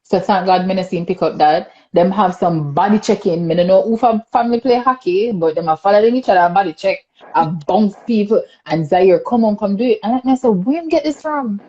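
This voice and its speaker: Chatty Jamaican woman, mellow voice. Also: medium pitch, fairly quick, muffled recording. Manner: laughs often, animated and chatty. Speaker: podcast host. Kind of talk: casual chat reading comments.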